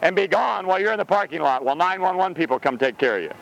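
Gravelly high-voiced fiery preacher. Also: male voice, expressive, rapid-fire, noisy background. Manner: intense, exclaiming, laughs between points. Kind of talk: fiery sermon.

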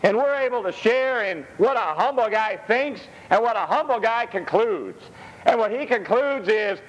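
Preacher, male, fairly high voice with a lot of swing in it, peppers his sermon with amens. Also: moderate pace, poor audio. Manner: animated, punctuates with "amen". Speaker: pastor.

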